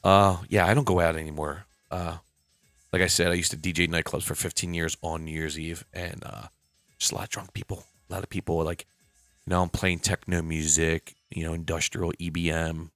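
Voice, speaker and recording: A man's voice: low-pitched, flat delivery, a little fast, fairly bright tone, no echo. A man in his forties talking casually and rambling on a live stream, swearing now and then. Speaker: reptile keeper and live streamer. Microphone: computer mic at a desk. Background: faint background music.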